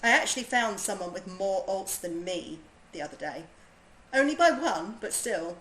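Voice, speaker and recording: A woman's voice: mid-range voice, lively intonation, normal speed, a bit bright, slight background noise, low-quality recording. A woman from southern England with a southern English accent, chatting bubbly and casually with viewers while she streams a game. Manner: chatty, bubbly, laughs easily. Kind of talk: casual gaming stream chat.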